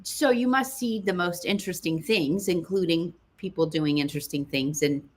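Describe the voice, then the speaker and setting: A woman's voice: lowish voice, normal speed. A woman co-hosting a casual chat who starts her questions over and laughs easily. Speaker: co-host.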